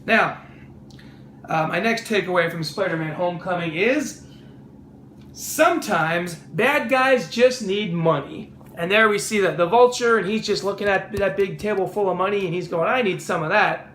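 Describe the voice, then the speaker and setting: A man's voice: high voice, normal speed, a bit bright, reverberant, slight background noise. A man hosting a casual movie review vlog, sarcastic and mocking.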